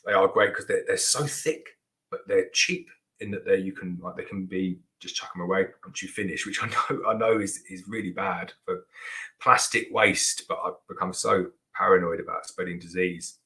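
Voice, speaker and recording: A man with a notably low voice talks loosely and conversationally as host of a live viewer Q&A. He rambles, restarts sentences and leans on "like" as a filler. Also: fairly even intonation, moderate pace, bright, forceful tone, poor audio. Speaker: beekeeper host answering viewer questions. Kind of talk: casual live Q&A chat.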